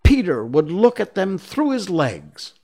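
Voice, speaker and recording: A man voicing a group of excited, simple young boys crying out together. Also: on the high side, a little slow, husky, soft background music, voice pushed up.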